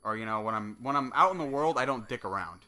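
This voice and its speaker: A man's voice: medium pitch, animated, quick pace, sharp tone. A young man giving casual solo game commentary, telling a rambling, profanity-laced story. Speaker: gameplay commentator.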